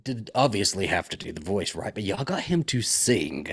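A man co-hosting a podcast interview, playful and very lively as he talks. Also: on the low side, moderate pace, creaky, breathy edge. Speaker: podcast co-host. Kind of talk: casual interview chat.

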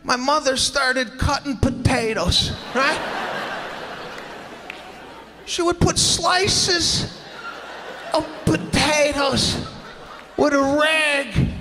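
A man doing a stand-up comedy set, animated, acting out his family and rising to shouts. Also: extremely high pitch, very slow, long pauses, big-room sound, a crowd in the background. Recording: live club with audience and room noise. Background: audience laughter.

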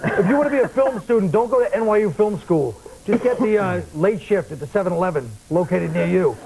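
A male comedian as a talk show guest, riffing with wry deadpan and mock-serious asides. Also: sits high, brisk, creaky, a crowd in the background, rough recording. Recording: old broadcast tape with faint hiss.

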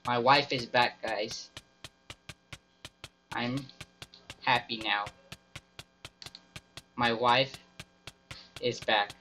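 A man's voice: mid-range voice, fairly even intonation, drawn-out words, pauses often, bright, forceful tone, faint music behind. A young man giving goofy, melodramatic commentary while playing a game, on a slightly dull lo-fi mic. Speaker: gaming YouTuber. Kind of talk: playful gameplay commentary.

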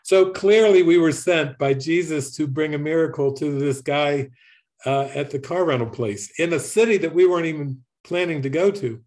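A man, a spiritual teacher, telling a lively story and laughing often. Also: a little high, normal speed. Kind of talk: storytelling talk.

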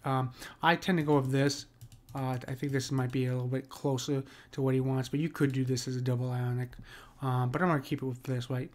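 A man talks through a lesson in relaxed, conversational tones and keeps asking his listeners whether they follow. His voice sits at an ordinary middle pitch. He slows down to read verse lines aloud before going back to his explanation. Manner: conversational, checks in with "right?" often. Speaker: teacher. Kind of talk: casual screen lesson on poetic meter.

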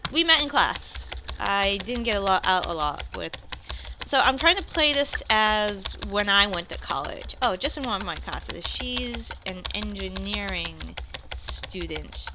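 A woman's voice: medium pitch, animated, slow pace, background noise. Chatty young woman playing a game. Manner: chatty, thinks aloud while typing replies. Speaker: let's play host. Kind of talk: let's play commentary. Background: game music and keyboard typing.

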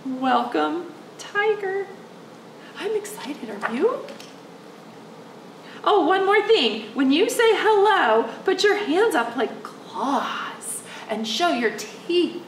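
Animated high-voiced librarian woman at storytime. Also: takes it slowly, echoey room, recorded from a distance, a little hiss or hum, rough recording. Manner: animated, coaxing, speaks directly to the kids. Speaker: children's librarian. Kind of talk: reading a picture book aloud to young children.

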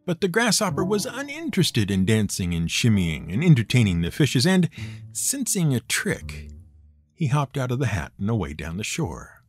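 A man narrating folktales in a wry, expressive storytelling manner. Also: mid-range voice, moderate pace. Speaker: storyteller host. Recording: guitar music playing beneath. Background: guitar music.

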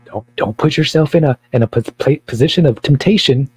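A man's voice: mid-range voice, brisk, darkish tone, slightly rough, poor audio. A man who is a pastor, talking in a blunt, provocative, rambling way with many repeats during a casual Bible study.

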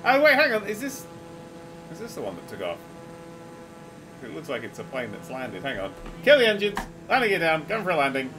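A man giving excitable, sweary, laughing running commentary while playing a game. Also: on the high side, a little fast, long pauses, over music, low-quality recording. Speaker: gaming video host. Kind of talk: casual let's-play commentary.

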